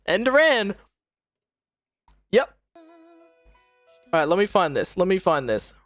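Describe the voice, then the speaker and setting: A woman's voice: fairly low pitch, slow pace, dry recording, soft background music. Exasperated, profane young woman streamer. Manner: exasperated, profane, animated retelling. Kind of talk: casual reaction commentary.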